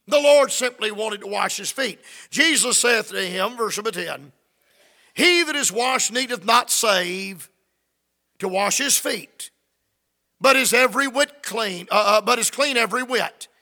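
A man's voice: sits high, unhurried, pushed and bright, big-room sound. A man preaching a fervent sermon, reading scripture and acting out the quoted lines.

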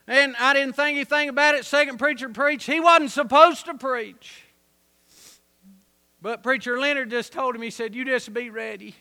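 A man preaching a sermon, telling a story and building to loud, emphatic peaks. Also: very high voice, steady tone, moderate pace.

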